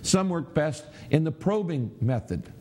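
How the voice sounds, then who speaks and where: A man's voice: on the high side, animated, a little slow, warm tone. A middle-aged man preaching a sermon, teaching in an earnest, emphatic way with prayerful asides. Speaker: pastor.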